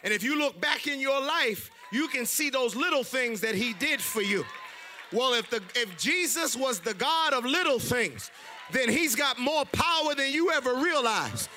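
A male preacher delivering a rousing call-and-response sermon, swinging from quiet to shouting. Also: very high-pitched, animated, normal speed, a little hiss or hum.

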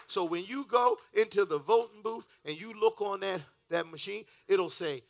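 A man's voice: sits high, normal speed, vocal fry, hardly any pauses. A man preaching a fervent, rhythmic sermon in church, reading scripture aloud as pastor.

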